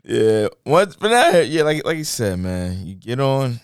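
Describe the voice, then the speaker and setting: Relaxed male co-host, low and gravelly, swinging pitch, dry close mic. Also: no echo. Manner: laid-back, laughs often, halting restarts. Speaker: podcast co-host. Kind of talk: casual chat.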